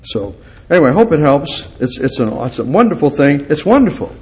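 An older man preaching a sermon and leading a prayer, swinging from loud emphatic bursts down to quiet, low phrases. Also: fairly quick, slight background noise. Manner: animated, swings from loud emphasis to quiet, reads scripture aloud.

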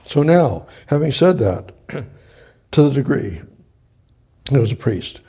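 Gravelly-voiced man teaching a Bible study. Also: mid-range voice, sing-song, mellow. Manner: halting, repeats and restarts phrases.

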